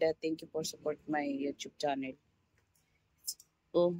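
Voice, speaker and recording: Filipino woman, low voice, slow talk, broken English, emotional, hot and worn out, dry close sound. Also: fairly even intonation, dark tone, dull audio, a little hiss or hum. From Philippines. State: overheated from the heat. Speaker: vlogger. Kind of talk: casual vlog chat. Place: simple rural home in the tropics.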